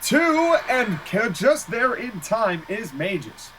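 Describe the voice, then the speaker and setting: A man calling a match play-by-play in casual style, excitable, laughing easily and exclaiming at big moves. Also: high-pitched, slow, slight background noise, low-quality recording. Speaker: play-by-play commentator.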